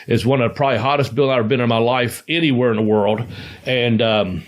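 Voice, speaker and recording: On a podcast he co-hosts, a former wrestler tells rambling, profane stories and laughs along the way in casual chat. His medium-pitched voice moves at a quick pace.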